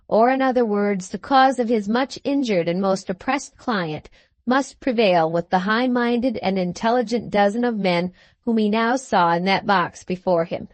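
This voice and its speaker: A woman narrating a classic novel for an audiobook with measured, even storytelling. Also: medium pitch, dry recording. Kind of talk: scripted narration.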